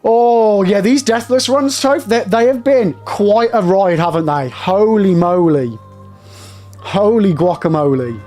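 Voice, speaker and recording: A man's voice: sits high, animated, unhurried, a little mellow, soft background music. A young man streaming a game live, elated and shaky with nerves after a win, talking to his chat in bursts.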